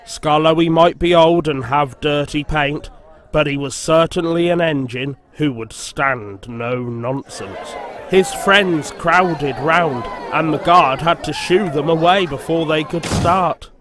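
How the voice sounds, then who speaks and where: A man narrating a storybook in a slow, measured reading. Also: on the high side, fairly bright tone. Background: background music.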